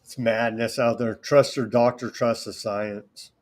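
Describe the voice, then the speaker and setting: A man's voice: mid-range voice, steady tone, measured pace, darkish tone. A man from California hosting a political talk show, delivering sarcastic, indignant commentary. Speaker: host.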